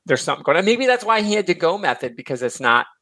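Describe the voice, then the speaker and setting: A man with a slightly high voice talks casually about films as a podcast host. His delivery is animated and chatty, full of quick asides. The recording is close and dry. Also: no echo. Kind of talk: casual film discussion.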